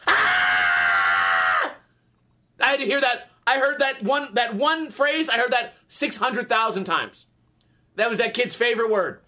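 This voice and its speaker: A man's voice: very high voice, moderate pace, pushed and bright, shouting. A man in his thirties telling a comic story in a profane, exasperated rant.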